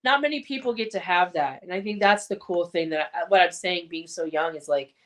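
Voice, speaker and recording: A woman's voice: lowish voice, fairly quick. A woman co-hosting a podcast in casual chat, rambling along with many fillers. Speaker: podcast co-host.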